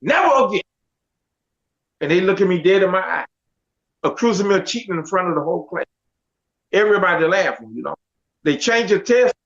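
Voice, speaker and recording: High-voiced man telling a lively story. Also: brisk, gravelly, long pauses. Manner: acts out the other voices in his story, casual slang. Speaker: guest telling his life story. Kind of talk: animated storytelling. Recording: dull lo-fi sound.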